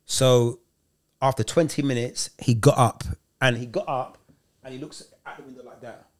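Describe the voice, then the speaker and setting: A man co-hosting a podcast, telling stories in a lively, slangy, casual way. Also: mid-range voice, moderate pace. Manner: animated storyteller with street slang. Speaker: podcast co-host, youth worker.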